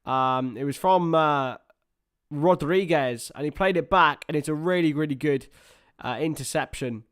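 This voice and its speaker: A young man gives live football commentary for a watchalong stream. He talks in a clear, smooth voice that sits a touch high. He mixes play-by-play with chatty asides to his viewers. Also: measured pace, a bit bright.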